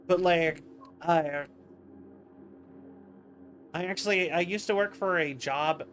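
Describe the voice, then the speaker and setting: High-voiced, tired, rambling streamer man. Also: slow, fairly bright tone, faint music behind. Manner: rambling, self-interrupting, chatty. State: tired, yawning. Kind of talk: casual livestream commentary.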